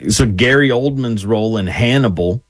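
A man co-hosting a talk show in casual banter, offhand, often trailing off into low mutters. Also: moderate pace, husky, no room sound. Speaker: co-host.

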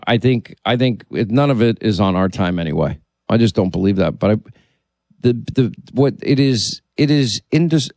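A man's voice: mid-range voice, a little mellow, dry recording. Storytelling man, dry close sound. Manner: storytelling, with many restarts and quoted dialogue. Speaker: podcast host. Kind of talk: casual conversation.

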